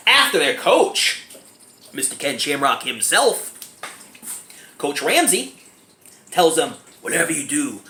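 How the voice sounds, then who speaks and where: A man giving a casual movie review, animated and giggly, keeps breaking into laughter. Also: medium pitch. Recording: echoey room, faint background noise.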